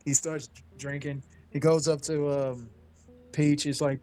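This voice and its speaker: A man's voice: fairly high pitch, level tone, unhurried, mellow. A man running a tabletop horror game as game master, narrating casually with laughs and swearing.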